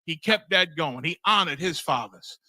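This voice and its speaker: A man's voice: a little high, lively intonation, normal speed, bright, forceful tone, no echo. A man teaching a scripture class in a sermon-like way, blunt and emphatic, swearing freely and repeating phrases for emphasis. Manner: emphatic, blunt, swears freely, keeps asking "you understand?".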